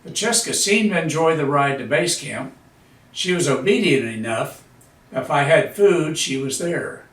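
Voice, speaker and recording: A man's voice: a little high, expressive, measured pace, a bit bright. A man in his seventies, a veteran, reading his own memoir aloud in a dry, understated storytelling manner. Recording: echoey room, voice a bit far from mic.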